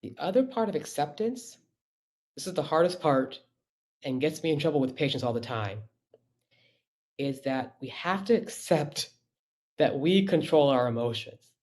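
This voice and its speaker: A man's voice: on the high side, lively intonation, normal speed, long pauses, a little mellow. Emphatic man giving a casual webinar talk. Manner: conversational, emphatic, repeating rhetorical questions.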